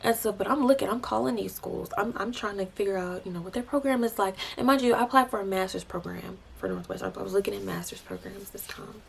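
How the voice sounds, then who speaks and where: A young woman tells her testimony in an emotional vlog. She shifts between animated storytelling and breathy, hushed asides. Her voice sits mid-range with a gravelly edge, and faint hiss runs under the recording. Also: mid-range voice, fast, hardly any pauses. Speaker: vlogger sharing a faith testimony.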